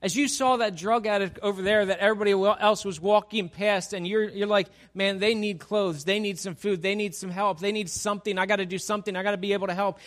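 High-voiced animated male preacher. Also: fairly quick, hardly any pauses. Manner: animated, acts out the dialogue with playful humor. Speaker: pastor. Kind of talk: sermon.

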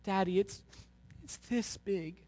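A preacher voicing a frightened four-year-old boy in a sermon story, high and quavering. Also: slow pace, mellow. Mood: scared.

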